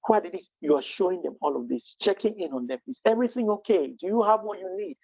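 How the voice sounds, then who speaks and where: Man, webinar trainer, earnest, rhetorical questions, restarts, slightly high voice, dry dull call audio. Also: animated, fast talker, gravelly, darkish tone, breathy edge, no room sound. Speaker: Scrum trainer. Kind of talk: live webinar teaching.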